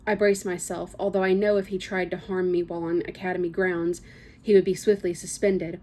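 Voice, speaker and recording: A woman's voice: on the low side, little pitch movement, a little fast, warm tone, slight background noise. A woman reading a first-person novel excerpt aloud, with small slips and casual asides. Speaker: book reader.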